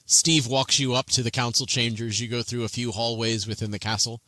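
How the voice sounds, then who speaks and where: A man narrating a tabletop game as game master, animated and descriptive. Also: mid-range voice, a little fast, no room sound.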